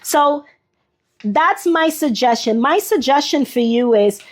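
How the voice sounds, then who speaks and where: A woman's voice: high voice, expressive, slow pace. A woman hosting a live journaling stream, chatting casually as she shows her pages and answers viewers by name, a little sniffly. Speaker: journaling livestream host. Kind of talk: casual live craft demonstration.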